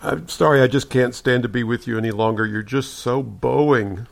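Gravelly deadpan punster, a man. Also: mid-range voice, moderate pace. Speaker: podcast co-host. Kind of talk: casual pun-swapping chat.

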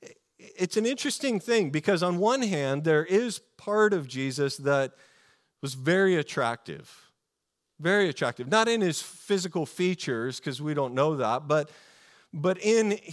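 A man preaching a sermon in a casual, animated storytelling way, with many fillers and restarts. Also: a little high, measured pace. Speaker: pastor.

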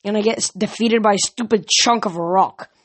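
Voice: mid-range voice, moderate pace, a bit bright, close to an everyday voice. A reader voicing a tough, defiant girl warrior.

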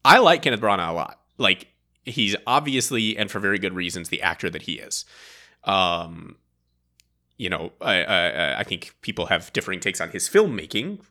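Gravelly man rambling about a movie. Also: low voice, moderate pace. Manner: rambling, animated, laughs often. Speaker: podcast co-host. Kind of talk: casual movie review chat.

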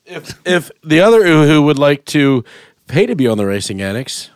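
A man hosting a casual podcast, playful and jokey, sometimes bursting into shouts. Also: fairly high pitch, big pitch swings, normal speed, no echo, studio quality. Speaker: podcast host.

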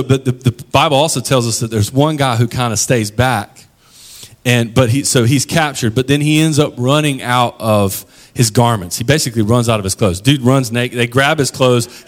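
A man's voice: mid-range voice, normal speed. A male pastor preaching a sermon in a casual, conversational storytelling way with slangy asides.

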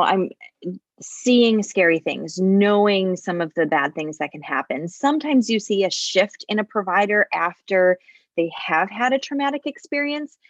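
A woman's voice: medium pitch, dry recording, highs cut off. A woman who worked as a labor nurse, telling stories in a casual podcast chat and often restarting her sentences. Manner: storytelling, restarts and repeats words, animated when quoting.

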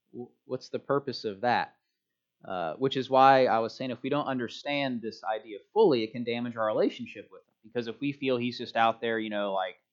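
Casual male preacher, conversational and self-joking, mid-pitched, heard on a dull lo-fi recording. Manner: relaxed, chatty, self-joking. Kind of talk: casual sermon. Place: church hall with a congregation. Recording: dull lo-fi sound.

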